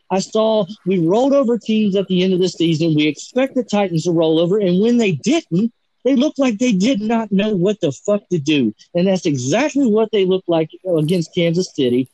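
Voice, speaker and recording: A man's voice: high-pitched, mellow, dry recording, rough recording. A man on a sports talk panel, ranting heatedly and swearing often. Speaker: podcast panelist.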